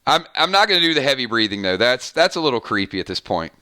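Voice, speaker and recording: A man's voice: medium pitch, sing-song, fast, sharp tone, smooth. A man hosting a live stream, chatting casually and thanking viewers by name, often stumbling and restarting his sentences. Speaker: live-stream show host.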